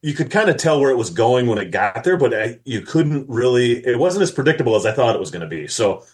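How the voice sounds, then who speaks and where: A man's voice: medium pitch, big pitch swings, fast talker. A man from Minnesota co-hosting a podcast, chatting casually and rambling with many restarts. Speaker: podcast co-host. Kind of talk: casual chat.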